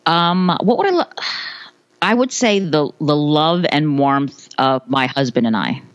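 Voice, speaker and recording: A woman's voice: sits low, expressive, measured pace, no echo, highs cut off. A woman in her thirties from the United States, a podcast guest chatting about motherhood, laughing often and restarting her phrases. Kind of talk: casual interview answers.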